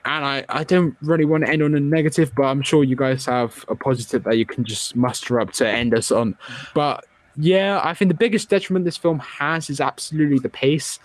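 Guy hosting a podcast, bit high voice, dry close sound, jokey and opinionated. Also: no echo. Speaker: podcast host. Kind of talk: casual film review chat.

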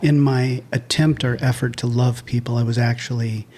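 Soft-spoken male pastor. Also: medium pitch, fairly even intonation, normal speed. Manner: modest, thoughtful, hesitant fillers. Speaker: pastor, interview guest. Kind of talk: reflective interview answers.

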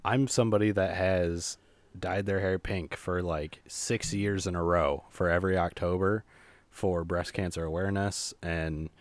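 A man's voice: low-pitched, fairly even intonation, a little slow, no echo. A young man co-hosting a casual chat, telling work stories in a laid-back way with frequent laughs. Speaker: podcast co-host.

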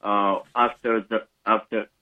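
A man's voice: lowish voice, little pitch movement, measured pace, phone-quality sound. A middle-aged man from Ethiopia, a guest on a radio interview, speaking thoughtfully with restarts. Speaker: guest minister.

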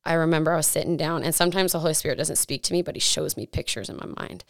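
Young woman co-host, low and gravelly, earnest testimony, dry sound. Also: racing, no echo. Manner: earnest testimony, many likes and restarts. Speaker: podcast co-host. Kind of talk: faith podcast chat.

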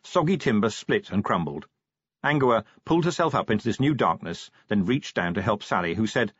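A man narrating an audiobook in a dry, measured storytelling manner. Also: on the low side, lively intonation, fairly bright tone, slightly rough, dry recording. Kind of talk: scripted narration. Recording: dull, dry audiobook recording.

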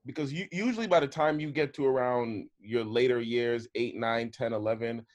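A man's voice: medium pitch, normal speed, lo-fi sound. Emphatic young man in casual chat. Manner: emphatic, repeats points.

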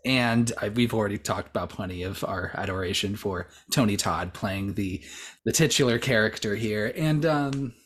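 A man's voice: lowish voice, normal speed, a bit bright. A man in his thirties hosts a casual podcast chat. He rambles along, leaning on fillers and restarting his sentences as he goes. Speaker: podcast host.

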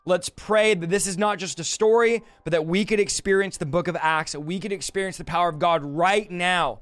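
A man's voice: high voice, brisk, fairly bright tone, no room sound, soft background music. A man teaching and preaching on a livestream, emotional and close to tears, ending in fervent prayer. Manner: emotional, exclaiming, near tears.

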